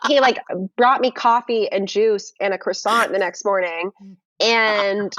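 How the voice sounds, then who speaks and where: A young woman telling a dating story in casual conversation on a video call, animated and full of fillers. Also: medium pitch, unhurried, no echo, dull audio. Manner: animated, many fillers and restarts. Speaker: guest.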